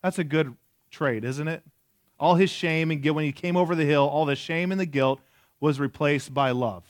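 A man's voice: on the high side, moderate pace, no room sound, studio quality. A man in his forties preaching a sermon in a conversational way, asking the audience questions and joking. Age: 40s. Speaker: pastor.

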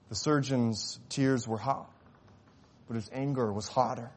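Male preacher, sermon storytelling, impassioned peaks, hushed lows. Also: steady tone, a little slow. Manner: swells to impassioned shouting at climaxes, drops to hushed tones.

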